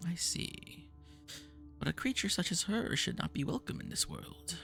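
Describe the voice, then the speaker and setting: Casting: man doing a pompous eccentric mage, gravelly, swoops up and down a lot. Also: high voice, very animated, normal speed, a bit bright, soft background music, pitched above the performer's own voice, full character voice. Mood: grandiose. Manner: pompous, theatrical, touchy. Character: grandiose eccentric male mage, game's creator.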